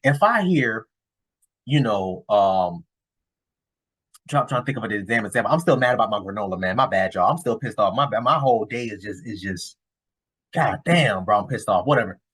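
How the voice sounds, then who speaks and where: A man's voice: fairly low pitch, expressive, fairly quick, a bit bright, husky. A man giving casual reaction commentary on a clip, blunt and cursing, rambling with restarts.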